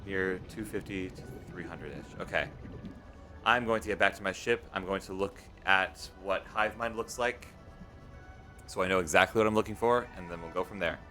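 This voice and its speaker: A man chatting casually while live streaming a video game, rambling and swinging between loud pleading and quiet mumbling. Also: low-pitched, normal speed, faint music behind.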